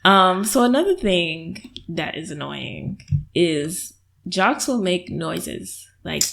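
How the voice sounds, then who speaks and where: A young woman co-hosting a casual podcast with her husband, teasing him and quick to laugh and push back. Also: on the low side, expressive, gravelly, a bit bright. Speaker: podcast co-host. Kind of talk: casual married-couple podcast chat.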